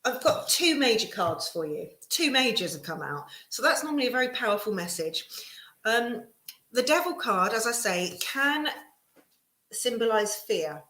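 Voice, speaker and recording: A woman giving a casual live tarot reading, reassuring and chatty with many pauses and restarts. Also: on the high side, sing-song, sharp tone. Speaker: tarot reader. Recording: echoey room.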